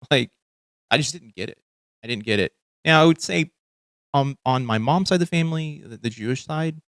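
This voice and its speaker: A man's voice: mid-range voice, creaky, no echo. Rambling man with a light Texan accent. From Texas. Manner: rambling, thinking aloud with many fillers. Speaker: podcast host. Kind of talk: casual commentary on news clips.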